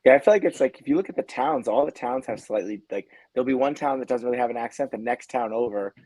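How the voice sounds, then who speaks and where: A man's voice: medium pitch, mellow, dry recording, low-quality recording. A man from New England, a coach guest on a casual podcast, talking with many restarts. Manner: fast, rambling, many restarts.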